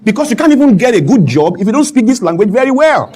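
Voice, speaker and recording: A man from Nigeria speaks with a high voice, building his points with repetition and rising emphasis. He talks as a guest on a studio talk show. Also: very animated, quick pace, darkish tone. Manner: emphatic, rhetorical, mimics broken English with laughs. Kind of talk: impassioned talk-show speech. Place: television studio with a clapping audience.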